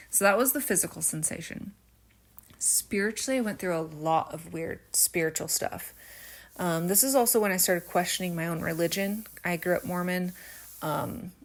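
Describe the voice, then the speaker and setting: A woman's voice: fairly low pitch, fairly bright tone. Chatty woman with a faint twang. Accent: slight rural American twang at times. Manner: chatty, rambling, many fillers and tangents; slight stutter. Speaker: vlogger. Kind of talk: casual storytelling while crafting.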